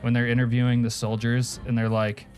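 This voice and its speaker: A man's voice: medium pitch, completely flat delivery, brisk, a little mellow, soft background music. A man from Alaska streaming a game, chatting casually and crudely with viewers, joking and laughing often. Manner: profane, joking, answers chat, laughs often. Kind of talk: casual live-stream chat.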